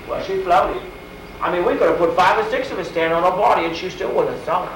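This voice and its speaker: A man's voice: sits high, a little fast, creaky. A man in costume telling first-person medieval tales in folksy, rustic grammar, talking straight to his listeners and asking them questions. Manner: folksy, rambling, speaks in old-timey rustic grammar. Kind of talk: first-person historical role-play for an audience. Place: school event crowd area. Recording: echoey camcorder sound from far off with faint noise.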